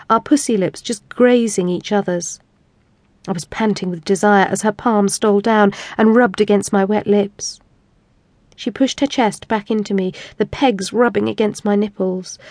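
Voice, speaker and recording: A woman narrating a first-person audiobook story in a steady, measured reading voice. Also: mid-range voice, no room sound.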